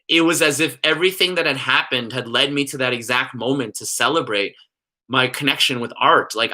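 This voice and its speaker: Young man, vlogger, very bright voice, rambling casual storytelling, lots of "like". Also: mid-range voice. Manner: rambling, heavy use of "like".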